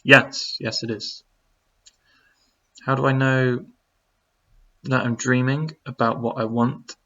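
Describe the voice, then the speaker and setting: A man's voice: mid-range voice, little pitch movement, slow, bright, forceful tone, highs cut off. A man who speaks, casually answering viewer questions on a live stream, rambling with lots of fillers as he reads the chat.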